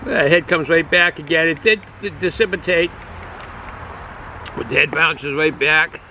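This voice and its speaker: A man giving a casual beer review outdoors, pausing and searching for his words. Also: a little high, sharp tone, slight background noise, low-quality recording. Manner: halting, searching for words, fillers.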